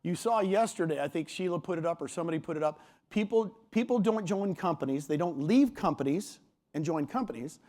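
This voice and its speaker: A man, a motivational speaker at a real estate conference, giving an energetic stage talk with punchy, emphatic delivery. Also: a little high, brisk. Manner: punchy and emphatic, often quoting others in a raised voice. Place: large conference hall.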